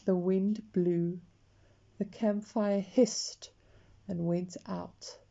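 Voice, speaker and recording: Woman reading a kids picture book out loud, slow and expressive, dull lo-fi sound. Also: medium pitch, gravelly. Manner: slow, expressive, talks to the listener. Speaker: storyteller.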